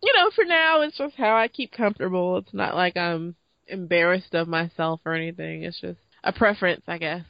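A woman's voice: on the low side, fairly quick, gravelly, no room sound, highs cut off. A woman co-hosting a casual chat, giggly and talkative, with lots of "like" fillers. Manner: giggly, chatty, many fillers like "like". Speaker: podcast co-host.

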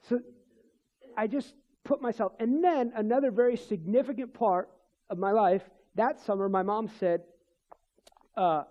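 A man's voice: high-pitched, unhurried, long pauses, highs cut off. A man, a Christian minister, telling a personal faith testimony in conversation, rambling with restarts and chuckles.

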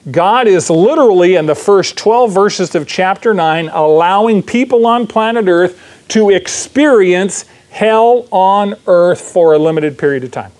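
A man's voice: high-pitched, animated, a little slow, a little mellow. A man preaching a verse-by-verse sermon, emphatic, repeating phrases and checking in with "right?". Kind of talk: sermon, verse-by-verse Bible teaching.

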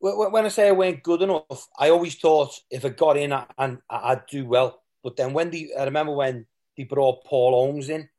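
Ex-footballer telling stories. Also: male voice, fairly high pitch, brisk, few pauses, mellow. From England. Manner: rambling, with restarts and quoted asides. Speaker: former footballer, guest. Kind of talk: candid interview storytelling.

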